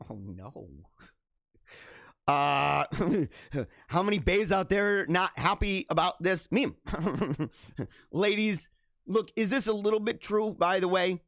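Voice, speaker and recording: A man with a high voice hosts a casual livestream, rambling, laughing, reading comments aloud and mimicking voices. The recording is dry, with clean studio sound.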